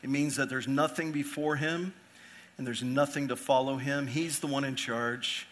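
A man's voice: mid-range voice, steady tone, moderate pace, a bit bright. A man preaching an earnest expository sermon as pastor, asking rhetorical questions and repeating phrases for emphasis.

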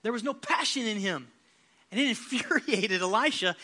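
A male pastor preaching a passionate sermon, building to loud, emphatic shouts. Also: very high voice, a little fast.

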